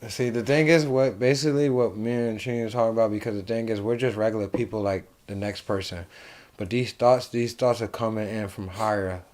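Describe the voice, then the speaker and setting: A young man from New Jersey hosting a casual late-night chat, rambling and animated, swearing freely. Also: on the low side, brisk. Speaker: host.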